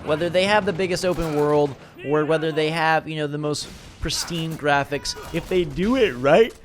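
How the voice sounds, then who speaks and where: A man's voice: fairly high pitch, normal speed. A young man giving casual, enthusiastic gameplay commentary, rambling with fillers and sounding tired late at night. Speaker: gaming video host.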